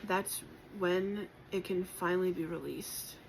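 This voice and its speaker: A woman giving a spiritual collective tarot reading, gentle and encouraging, reflective, with many pauses and fillers and moments of emotion. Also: on the low side, gravelly, a little hiss or hum, rough recording. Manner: emotional at times. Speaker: tarot reader.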